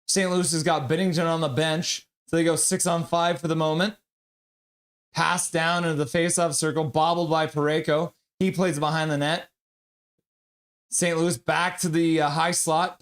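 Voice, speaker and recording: Man calling hockey play-by-play, higher-pitched. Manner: reads viewer chat aloud, excitable. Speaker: streamer doing live play-by-play.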